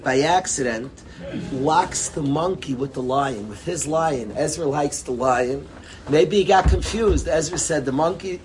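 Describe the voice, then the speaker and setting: A man telling a joke and drawing a lesson from it, in a lively, rambling way and sprinkling in Yiddish words. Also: a little high. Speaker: storyteller and speaker. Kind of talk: animated storytelling talk with a lesson.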